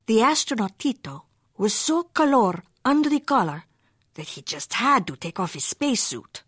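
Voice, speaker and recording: A woman's voice: a little high, very animated, normal speed, a bit bright, slightly rough, no room sound, clean studio sound. A woman reading a children's storybook aloud in a playful, rhythmic, sing-song way. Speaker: narrator.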